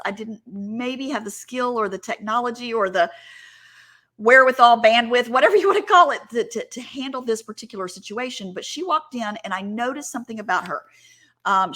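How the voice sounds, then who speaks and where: A woman's voice: fairly high pitch, pushed and bright. A middle-aged woman giving a heartfelt personal talk, chatty and earnest, getting choked up and trailing into restarts. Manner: chatty, with filler words and restarts. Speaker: sales director giving a talk.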